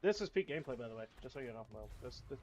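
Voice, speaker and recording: A man giving casual let's-play commentary, swearing at enemies and whining about his play in loud, repetitive outbursts. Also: medium pitch, racing, faint music behind. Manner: profane, whiny trash talk at enemies; excitable outbursts and repeated phrases. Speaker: gamer.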